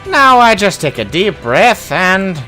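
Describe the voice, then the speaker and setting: A man voicing a boisterous, gruff old dwarf hunter in a high, exaggerated brogue-like voice with hearty, blustering delivery. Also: very animated, slow, soft background music, full character voice. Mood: rowdy. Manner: hearty, blustering, loud greetings.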